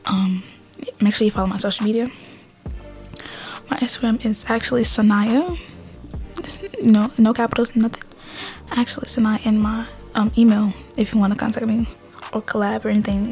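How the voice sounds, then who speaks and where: A young woman hosting her own podcast, chatting loosely with lots of fillers and restarts and often dropping into a soft whisper. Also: fairly high pitch, moderate pace, long pauses, faint music behind. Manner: rambling, many fillers and restarts. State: out of breath. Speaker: podcast host. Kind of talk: casual solo podcast chat.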